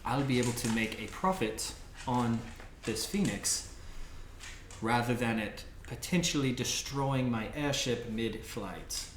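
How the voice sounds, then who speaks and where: A man plays a worried airship trader who cares about profit and speaks haltingly. His voice sits in a middle register. The room is echoey, with background noise underneath. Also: medium pitch, close to an everyday voice. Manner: hesitant, halting.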